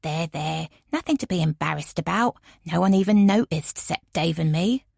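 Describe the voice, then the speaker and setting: A woman voicing a brisk, motherly woman, bossy but comforting. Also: fairly low pitch, vocal fry, darkish tone, dry recording, clean studio sound.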